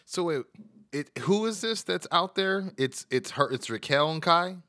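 A man co-hosting a wrestling podcast, chiming in with quick reactions and jokey asides. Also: on the high side, animated, pushed and bright. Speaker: podcast co-host. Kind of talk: casual chat reviewing wrestling shows.

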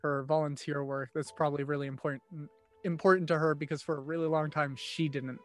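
A man playing a tabletop game, describing his character's actions haltingly. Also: a little high, little pitch movement, a bit bright, soft background music. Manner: halting, thinking aloud. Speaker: player. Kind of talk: casual tabletop play.

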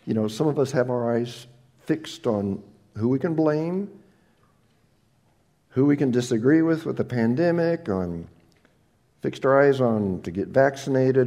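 Animated preaching man, lively pitch. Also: normal speed. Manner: animated preaching, swinging between hushed and loud, mocking prayers. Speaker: pastor. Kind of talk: sermon.

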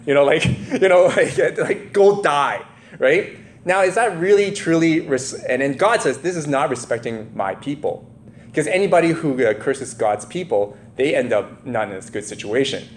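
A man's voice: a little high, lively intonation, normal speed, slight background noise. A man preaching a sermon in a loose, conversational way, retelling a scripture story and often checking in with the listeners. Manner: loose, filler-heavy retelling with restarts. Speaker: pastor.

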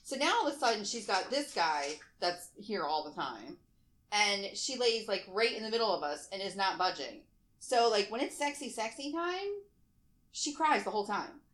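A woman's voice: medium pitch, sing-song, normal speed, a bit bright. A woman co-hosting a podcast in casual chat, laughing often and reading news aloud. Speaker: podcast co-host.

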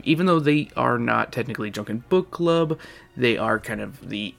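A man's voice: mid-range voice, moderate pace, gravelly, fairly bright tone. A man giving a loose, chatty intro to his podcast, correcting himself as he goes. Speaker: podcast host. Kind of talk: casual spoken intro. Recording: faint music behind voice.

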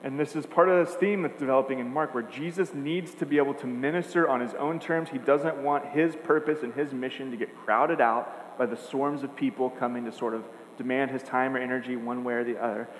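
A man's voice: mid-range voice, steady tone, fairly quick, hardly any pauses. A man preaching a sermon, earnest and emphatic, building points with repeated phrases. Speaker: pastor. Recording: echoey hall, faint hum.

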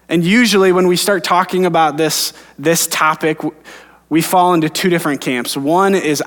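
A man's voice: a little high, a little fast. A man in his thirties, a pastor preaching an earnest sermon and telling personal stories. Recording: long hall reverb.

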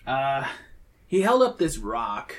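A man's voice: mid-range voice, very animated, takes it slowly. Chatty man rambling about a movie. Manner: chatty, enthusiastic, rambling with fillers. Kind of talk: casual movie review chat.

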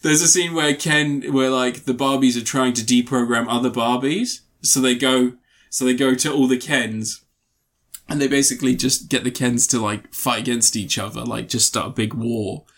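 A man's voice: mid-range voice, fairly even intonation, normal speed, fairly bright tone. A young man co-hosting a podcast, casually and enthusiastically recounting film scenes with lots of fillers. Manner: enthusiastic, rambling scene retellings with many fillers. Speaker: podcast co-host reviewing films. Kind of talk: casual chat.

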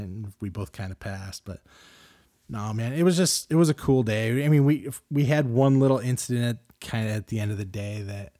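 A middle-aged man hosting a podcast, telling a story casually and getting animated and louder as he gets worked up. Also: on the low side, brisk, dry recording, clean studio sound. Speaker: podcast host.

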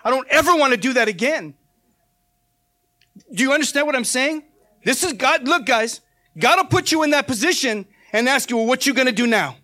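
A man's voice: very high voice, expressive, moderate pace, long pauses, bright, forceful tone. A man preaching an informal sermon, emphatic and calling out to his listeners again and again. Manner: emphatic, repetitive call-outs to listeners.

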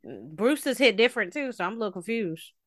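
Lively, bright-voiced teasing woman. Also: mid-range voice, no echo, studio quality. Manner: teasing, blunt, quick to cut in. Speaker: podcast co-host. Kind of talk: casual chat.

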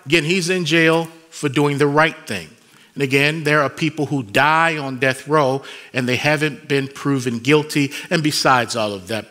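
Bright-voiced preacher man, rising bursts. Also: medium pitch. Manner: conversational asides to the congregation. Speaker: pastor. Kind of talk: sermon.

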